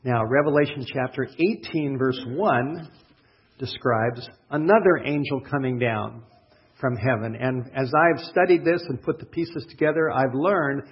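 Slow, husky-voiced preacher man. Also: mid-range voice. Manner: deliberate, stretches out key words; asks the congregation questions and answers them. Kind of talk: sermon with prayer and scripture reading. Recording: dull, lo-fi sermon recording.

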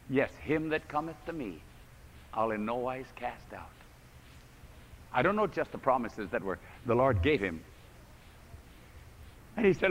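A man preaching a storytelling sermon to a congregation, acting out the voices in the story with big swings from hushed to loud. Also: medium pitch, animated, unhurried, long pauses. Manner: dramatic, acts out quoted voices with big swings in volume. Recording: echoey hall recording.

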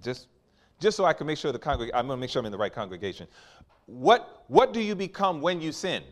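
A man preaches a sermon in a mid-range, sing-song voice, questioning the congregation and waiting for their replies. He reads scripture slowly and forcefully, swinging between quiet asides and loud climaxes.

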